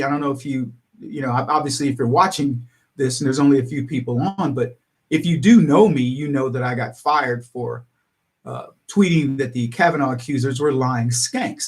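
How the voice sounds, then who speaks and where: A man hosting a political livestream, telling stories in an animated way, acting out other people's lines and chuckling between points. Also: mid-range voice. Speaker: talk radio host.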